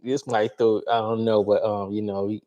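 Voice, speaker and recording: A man's voice: on the low side, little pitch movement, normal speed, mellow, dull audio. Chill guy from virginia cohosting a live, reminiscing, chuckles. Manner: laid-back, reminiscing, chuckling. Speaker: co-host of a live stream. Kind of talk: casual chat.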